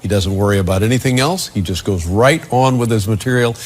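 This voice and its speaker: A man hosting a talk show, asking measured, probing questions of his guest. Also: lowish voice. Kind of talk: interview.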